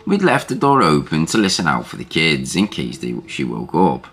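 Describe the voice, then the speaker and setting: A man narrating a first-person ghost story as a scripted reading, in a measured, deliberate way. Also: rumbling low, very animated, a bit bright, slightly rough.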